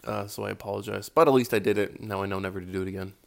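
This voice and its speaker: Male podcast host, lowish groggy morning voice, rambling self-deprecating chat with casual swearing. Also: steady tone, racing, gravelly.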